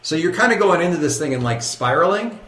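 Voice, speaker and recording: A man running a tabletop game as game master, narrating action in a lively, rambling way that keeps correcting itself. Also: fairly high pitch, fast talker, echoey room.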